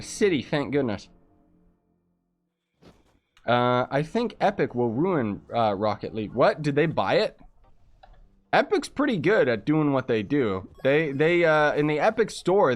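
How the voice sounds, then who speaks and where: Young canadian guy on a game stream, bouncy lively voice, a bit high, faint music behind. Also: unhurried. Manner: chatty, reads chat aloud, jokey asides. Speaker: livestreaming gamer. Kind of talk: casual livestream chat while playing.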